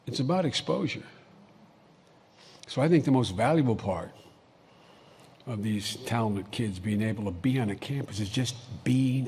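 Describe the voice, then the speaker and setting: A man's voice: mid-range voice, lively intonation, moderate pace, slight background noise. An older man giving a folksy, anecdotal public speech as vice president. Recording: long hall reverb, faint ambience.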